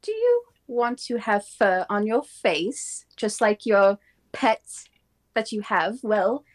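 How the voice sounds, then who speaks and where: A woman gives a bright, salesy commercial read during a mock audition. It is a live improv comedy show performed over a video call. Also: sing-song, slow pace. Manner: salesy pitch delivery.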